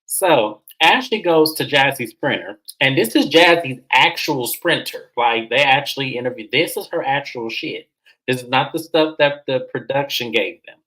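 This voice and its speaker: Male host, casual TV recap chat, animated, mid-pitched, lively. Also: normal speed, rough recording. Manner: animated, mimics the cast in high voices.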